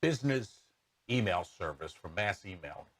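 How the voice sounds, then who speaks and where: A man co-hosting a radio talk show, explaining things in a plain, measured way into a studio microphone. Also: lowish voice, animated, fairly bright tone, breathy edge, no echo.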